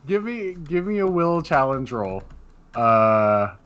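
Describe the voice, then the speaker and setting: A man's voice: medium pitch, very animated, slow, highs cut off, heavy background noise. A man narrating as game master, describing scenes in a loose way full of fillers.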